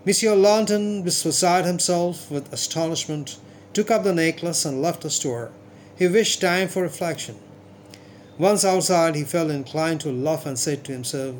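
A man narrates a classic story in a steady, measured manner. His voice sits a little high for a man, and a faint hiss runs underneath. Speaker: audiobook narrator.

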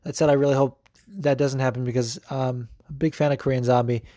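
A man's voice: medium pitch, steady tone, fast talker, warm tone, dry recording, studio quality. A young man hosting a podcast, giving casual, profane sports commentary full of fillers. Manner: loose and profane, lots of fillers. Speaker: podcast host.

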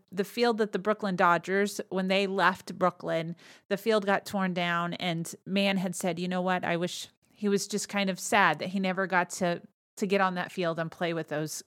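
A woman of ordinary mid pitch hosts a podcast, walking through a movie's story in a loose, conversational way. She laughs often and drops into quick quoted lines for the characters. The sound is close and dry, with no room around it. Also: dry recording. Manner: chatty, laughs often, retells scenes with quick quoted voices. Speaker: podcast host. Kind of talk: casual movie recap.

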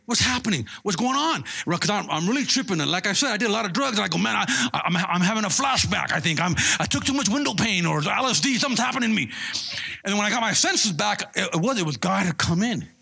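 A man's voice: high voice, fast, vocal fry, breathy edge. A man preaching a sermon, telling his own conversion story with lots of acted-out dialogue, often repeating and restarting words. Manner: animated storytelling, acts out quoted dialogue. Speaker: pastor. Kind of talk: sermon with personal testimony.

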